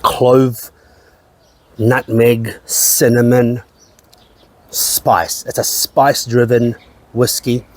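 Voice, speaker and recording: A man's voice: mid-range voice, flat delivery, extremely slow, pauses often, a little mellow. A man reviewing whisky in a casual chat, rambling, repeating his phrases and swearing now and then. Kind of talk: casual tasting-note chat.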